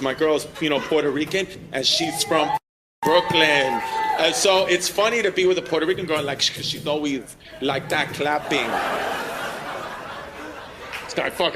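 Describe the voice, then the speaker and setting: A young man doing crude, teasing stand-up crowd work in a crowded airport terminal venue. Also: high voice. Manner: brash, teasing, crude banter with audience. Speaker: stand-up comedian. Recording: noisy live crowd. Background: crowd laughter and terminal ambience.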